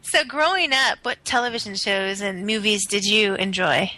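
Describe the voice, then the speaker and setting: A woman's voice: mid-range voice, normal speed, sharp tone, no echo, low-quality recording. A woman interviewer asking short, friendly questions.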